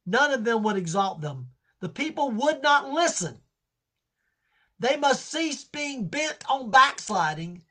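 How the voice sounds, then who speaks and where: Impassioned man preaching a Bible study. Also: high voice. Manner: impassioned, pleading preacher who swings from soft to shouting.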